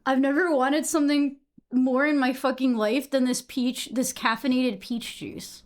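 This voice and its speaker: Young woman streamer with a high voice, from Massachusetts; loose, chatty, swears freely while answering her chat. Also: fairly even intonation, unhurried. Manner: chatty, swears casually, reacts to chat messages.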